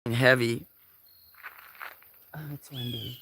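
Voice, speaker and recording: Unhurried, gravelly live-stream host filming farm cats on a phone; chatty and apologetic with viewers. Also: mid-range voice, a bit bright. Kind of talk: casual live-stream chat. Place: farm, among the cats at feeding time. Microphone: handheld phone.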